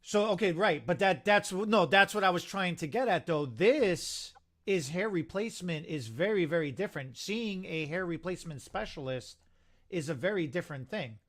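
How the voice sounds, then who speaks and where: Man co-hosting with a fairly high voice. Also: expressive, moderate pace, a bit bright. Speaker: podcast co-host. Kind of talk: casual chat.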